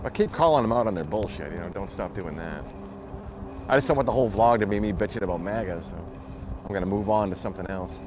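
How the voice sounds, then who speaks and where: In this vlog, a low-pitched man talks fast through a furious political tirade, blunt and heated with lots of cursing. Heavy traffic noise sits over muffled sound.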